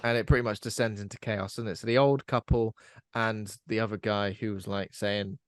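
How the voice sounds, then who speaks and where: A man's voice: on the low side, fairly even intonation, brisk, smooth, dry recording. A man co-hosting a casual film podcast, chatty and rambling with frequent fillers. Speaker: podcast co-host.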